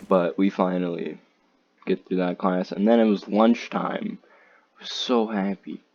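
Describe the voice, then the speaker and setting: Low, slow-talking teen guy rambling. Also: fairly even intonation, creaky. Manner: rambling, profane, frequent "like" and "dude". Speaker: storyteller. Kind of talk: casual storytime. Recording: slightly dull lo-fi audio, faint noise.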